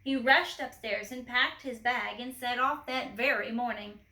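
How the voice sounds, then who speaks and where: A woman reading a children's storybook aloud expressively, gently asking the listener questions. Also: fairly high pitch, unhurried, reverberant, poor audio.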